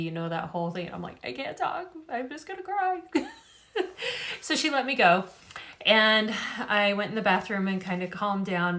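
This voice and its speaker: In a casual vlog about faith, a middle-aged woman with a lowish, slightly bright voice speaks earnestly to camera. Tired after a migraine, she rambles with plenty of fillers.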